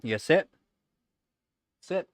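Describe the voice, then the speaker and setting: A man hosting a casual live stream, answering chat questions and cooing at his pet in a high sing-song voice between relaxed remarks. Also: extremely slow, no room sound. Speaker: livestream host. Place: home computer setup.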